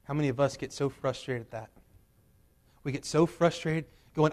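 A man preaches from the pulpit of a church, his voice set a little high for a man. His delivery is emphatic, climbing to loud, urgent peaks and then falling back to quiet, low drops. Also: normal speed. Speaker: pastor. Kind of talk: sermon. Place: church sanctuary.

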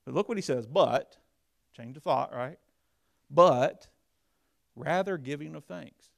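A man with a heavily gravelly, creaky voice preaches a sermon, close and dry on the mic. He swings from low, confiding asides to loud, emphatic bursts. His pitch sits in an ordinary middle range for a man. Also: slow pace, no echo. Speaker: pastor.

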